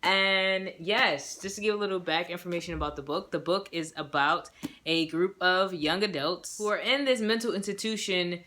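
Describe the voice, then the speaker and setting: Bright, gushing young woman reviewing a movie. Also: fairly low pitch, moderate pace. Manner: gushing, rambling, giggly, quotes her own reactions. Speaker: movie reviewer and self-published author. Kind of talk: casual movie review vlog.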